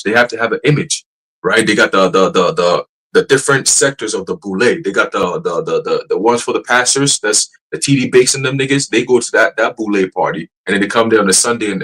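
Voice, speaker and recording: A man teaching a church group in a loose, casual preaching style, animated and profane, laughing often and restarting his sentences. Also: lowish voice, breathy edge, rough recording.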